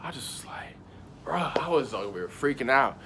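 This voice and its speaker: A man's voice: medium pitch, animated, moderate pace, background noise. A young man casually telling a personal story in slangy, rambling speech. He circles back on himself and keeps repeating "I was like.". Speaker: channel host.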